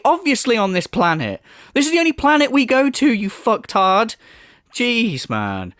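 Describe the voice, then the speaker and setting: A man's voice: extremely high pitch, huge pitch swings, normal speed, a bit bright, dry recording, studio quality. A man giving profane, sarcastic commentary over video clips, laughing and mocking as he goes. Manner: sarcastic, laughing, swearing freely. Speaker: commentary YouTuber.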